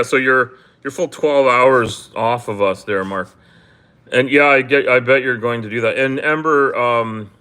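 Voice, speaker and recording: A Canadian man from Toronto hosting a casual livestream, talking in halting, rambling bursts full of ums and restarts and swearing bluntly now and then. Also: medium pitch, fairly bright tone. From Canada, grew up in Toronto. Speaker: livestream host. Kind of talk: casual livestream chat with viewers.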